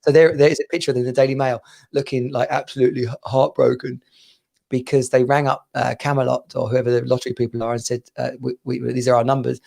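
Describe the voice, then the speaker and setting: A man's voice: mid-range voice, little pitch movement, fast, creaky, a little mellow. A man co-hosting a podcast, telling anecdotes in casual banter and laughing through them. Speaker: podcast co-host.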